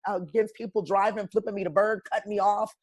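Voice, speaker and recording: A woman's voice: mid-range voice, fairly even intonation, fairly quick, breathy edge. Woman guest, wellness coach type. Emphatic, straight-talking, preachy. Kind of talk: casual podcast conversation.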